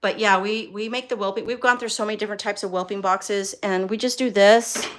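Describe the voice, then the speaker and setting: A woman's voice: mid-range voice, steady tone, brisk, fairly bright tone, slight background noise. A woman in her forties, a dog breeder chatting casually on a live stream from a bedroom at home. She rambles, with many ums and restarts. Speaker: dog breeder and kennel owner. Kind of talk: casual live stream, reading viewer comments. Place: home bedroom with a whelping box, indoors. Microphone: phone.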